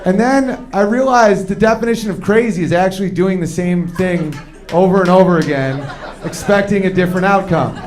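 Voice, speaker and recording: A man performing a stand-up comedy set, animated and acting out the people he quotes. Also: sits high. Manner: animated, acts out quoted voices. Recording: live show with crowd. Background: audience laughter.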